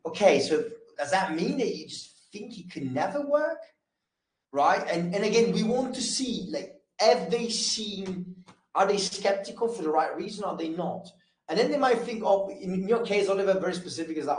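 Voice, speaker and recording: Give me a man coaching sales reps in a loose, filler-heavy way, slightly high voice, recorded in an echoey room. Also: animated. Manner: casual, talks fast with many fillers and restarts. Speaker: sales trainer. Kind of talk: live training session on a call.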